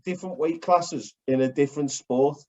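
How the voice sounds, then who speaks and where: A man co-hosting a casual chat, blunt and animated, swearing as he breaks down fight technique. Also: fairly high pitch, normal speed. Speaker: podcast co-host. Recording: dull lo-fi recording.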